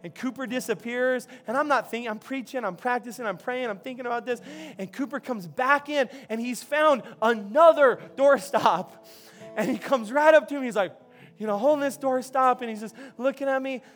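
A male pastor preaches a sermon in a church, his voice extremely high-pitched and fairly bright at a moderate pace. He tells a story loosely and conversationally, with many restarts and repeated words, while soft music plays in the background.

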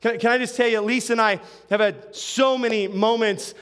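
A middle-aged man with a notably high voice preaches a sermon. He talks conversationally, telling stories with asides, restarts and quick check-ins with his listeners. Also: steady tone, a bit bright, clean tone. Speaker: pastor.

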